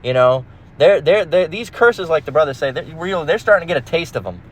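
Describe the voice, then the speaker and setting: A man's voice: fairly high pitch, big pitch swings, a little fast. Man, casual preacher, emphatic, swears freely, restarts often, scripture reading, car recording. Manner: emphatic, profane, rambling with restarts. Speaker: religious teacher.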